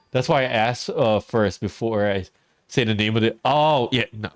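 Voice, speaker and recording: This teacher's voice is medium-pitched and unhurried, recorded dry. While streaming a farming game live, he chats casually with his viewers, replies to their messages, and laughs frequently.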